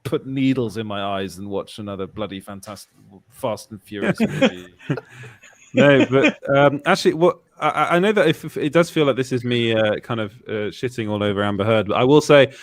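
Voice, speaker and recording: A man's voice: medium pitch, a little fast, hardly any pauses. A man co-hosting a casual live show, ranting, stammering and laughing often. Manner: animated ranting with frequent laughter, stammering restarts. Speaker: co-host.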